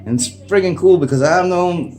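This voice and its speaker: A man's voice: sits high, moderate pace, darkish tone. A middle-aged man with a Canadian accent, talking casually and unscripted into a propped-up phone at home, rambling with lots of "eh" and "like". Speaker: vlogger. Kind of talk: casual unscripted chat to camera. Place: indoors at home. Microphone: phone propped up facing him.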